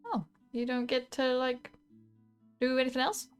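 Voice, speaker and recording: A woman's voice: high-pitched, normal speed, clean tone, soft background music. A woman streaming and playing a tabletop game, chatting and giggling a lot. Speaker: streamer and player. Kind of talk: casual tabletop play.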